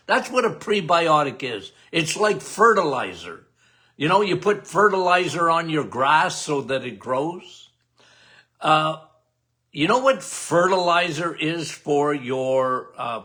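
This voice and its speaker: A man's voice: fairly high pitch, a bit bright. An older man hosting a live health Q&A, talking in a folksy, emphatic way and checking in with "okay?" over and over. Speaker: health show host answering viewer questions. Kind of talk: casual live Q&A.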